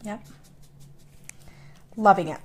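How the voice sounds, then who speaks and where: A middle-aged woman demonstrating a craft in a chatty, playful way, explaining each step. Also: takes it slowly. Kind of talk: casual craft tutorial.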